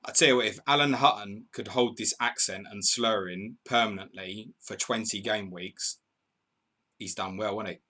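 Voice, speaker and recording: Man, live stream host, chatty and bantering, lowish voice, bright and forceful tone. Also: normal speed. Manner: chatty, banters with viewers, laughs often. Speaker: podcast host. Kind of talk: live stream commentary reading chat.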